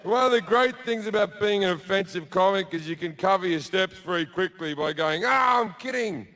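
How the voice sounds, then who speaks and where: A man telling a crude story as a stand-up comedian on a theatre stage, with deadpan asides and shouted put-on voices. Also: high-pitched, fairly quick. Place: theatre stage before a laughing audience.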